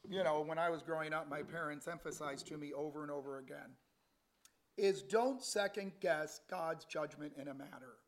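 A middle-aged man preaching a conversational Bible sermon, reading scripture with animation. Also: on the high side. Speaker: lay preacher.

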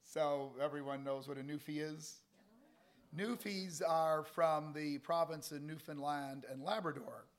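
A man's voice: on the high side, steady tone, measured pace. Chatty man teaching Bible school. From Canada. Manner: chatty and joking, rambling with many fillers. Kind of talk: informal Bible class talk.

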